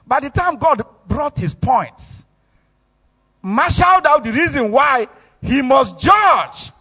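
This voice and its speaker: A man with a Nigerian accent preaching a sermon, animated and storytelling as he acts out the quotes. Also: very high voice, takes it slowly. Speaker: bishop, preacher. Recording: echoey hall, muffled sound.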